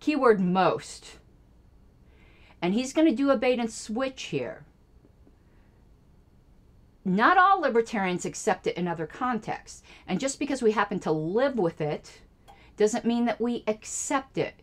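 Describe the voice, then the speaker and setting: A woman hosting a radio show plays clips and gives political commentary on them, sarcastic and indignant, with jokey asides. Her voice is a little high and very animated, and she's unhurried.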